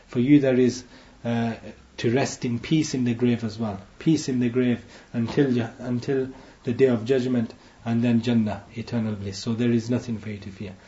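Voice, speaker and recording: Male imam giving a teaching sermon, mellow tone, quick chanted verses, echoey dull room. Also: medium pitch, steady tone. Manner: teaching, checking in with frequent asides.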